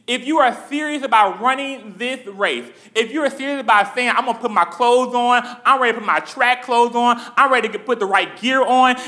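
A man's voice: high-pitched, sharp tone. A young man preaching a sermon, earnest and repetitive, speaking directly to the congregation with frequent restarts.

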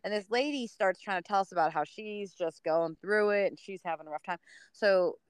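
A woman co-hosting a podcast, telling a story in casual chat, swearing freely and acting out quotes in a high voice. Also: moderate pace, clean tone, no echo. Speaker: podcast co-host.

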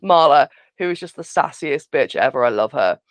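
A woman's voice: low voice, lively intonation, moderate pace, no echo. A woman co-hosting a podcast, chatting casually and frankly as she recaps a film with sarcastic asides. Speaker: podcast co-host.

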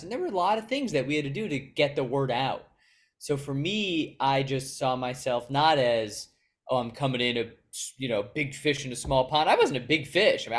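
A young man, a guest in an interview, answering earnestly and reflectively about his path in sports media. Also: medium pitch. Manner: earnest, reflective, quick storytelling. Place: Chicago.

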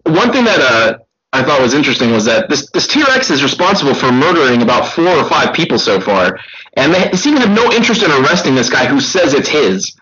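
On a muffled recording, a movie review co-host chats casually with a friend about a film, joking animatedly and calling him buddy. His voice is fairly high-pitched and brisk.

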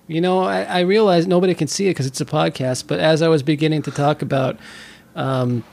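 Man in his thirties, podcast co-host, rambling, fry in the voice, slightly high. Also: steady tone, brisk, darkish tone, no echo. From California. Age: 30s. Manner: rambling, many restarts and self-interruptions. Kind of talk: casual podcast chat.

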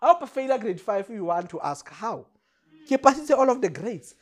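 A man's voice: high-pitched, very animated, normal speed. A man preaching a sermon to a congregation, impassioned and emphatic, repeating his phrases and speaking straight to the room. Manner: addresses the congregation directly.

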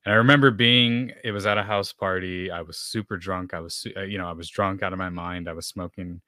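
A man from Texas tells his own story as a podcast guest, slipping in plenty of fillers as he goes. His voice sits low yet comes across bright and forceful. The sound is close and dry, with no room echo. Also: fairly even intonation, a little fast. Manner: storytelling with many fillers, acts out dialogue. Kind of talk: personal testimony in conversation.

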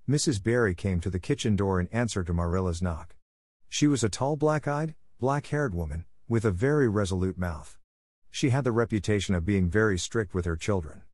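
A man reading a classic novel aloud in measured, expressive scripted narration. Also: lowish voice, no room sound, studio quality. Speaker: audiobook reader.

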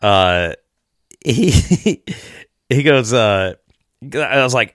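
A man's voice: medium pitch, animated, very slow, pauses often, dry recording, clean studio sound. A man from the American Midwest hosting a casual podcast chat, laid-back, swearing freely and laughing often. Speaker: podcast host.

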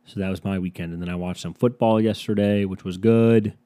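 Male podcast host, lowish mellow voice, rambling, profane and sarcastic, casual solo chat. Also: steady tone, brisk, smooth.

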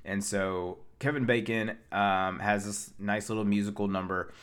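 Man, somewhat low pitch, casual film recap, rambling, lots of fillers. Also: steady tone, normal speed, fairly bright tone, smooth. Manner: rambling, many fillers and restarts. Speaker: pop culture reviewer.

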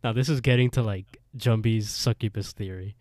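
A man's voice: lowish voice, moderate pace, no echo, studio quality. A man co-hosting a podcast, casually retelling a TV episode with lots of swearing and laughter. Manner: animated storyteller, swears, laughs often. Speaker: podcast co-host.

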